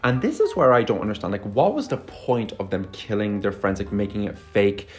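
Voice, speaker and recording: A man's voice: on the low side, lively intonation, brisk, a little mellow. A man giving a casual movie review, sarcastic and exasperated, swearing often. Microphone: phone.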